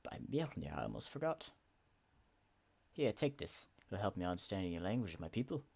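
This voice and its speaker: A man's voice: low-pitched, big pitch swings, normal speed, vocal fry, darkish tone, slightly rough, exaggerated voice. A man voicing a friendly, boastful Norse god in a video game, speaking in a hearty, old-fashioned way. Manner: hearty, old-fashioned speech with "aye" and "lad".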